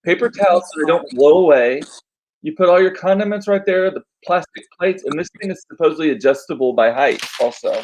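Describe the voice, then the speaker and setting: Male host, casual chat, slightly high pitch, hoarse from losing his voice, rambling. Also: expressive, brisk, a little mellow, low-quality recording. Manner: chatty, rambling with frequent fillers. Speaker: podcast host.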